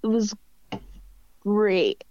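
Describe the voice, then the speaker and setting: A woman's voice: mid-range voice, extremely slow, warm tone, a little hiss or hum. A young woman co-hosting a podcast, telling a rambling, jokey story in casual chat. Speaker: podcast co-host. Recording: dull lo-fi mic.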